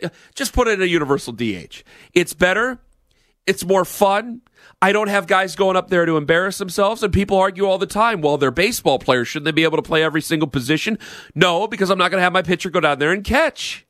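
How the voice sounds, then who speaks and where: A man's voice: high voice, sharp tone, dry recording, studio quality. A man hosting a sports talk radio show, ranting bluntly and sarcastically about the game.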